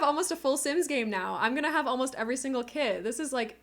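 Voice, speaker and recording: High-pitched and a little fast, her lively voice carries a casual live-stream chat with viewers. The woman gushes, laughs frequently and verges on tears, using a budget desk microphone at home.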